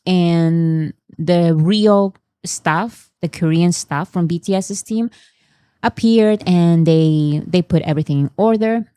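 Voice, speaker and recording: Chatty woman host, low and dry. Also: warm tone, dry recording. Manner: translates clips, chatty with fillers and restarts. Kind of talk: casual commentary on fan videos.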